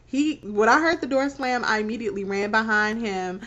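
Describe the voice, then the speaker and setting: A woman in her thirties frankly telling a personal story on her vlog, animated and laughing between phrases. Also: a little high, brisk. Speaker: vlogger. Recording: dull lo-fi recording.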